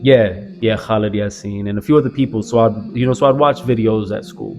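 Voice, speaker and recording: A man's voice: lowish voice, fairly even intonation, fairly quick, a little mellow. A young man from the American South earnestly telling his own life story, reflective, with many "like" fillers. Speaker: convert sharing his story. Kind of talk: personal storytelling. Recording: strong background music.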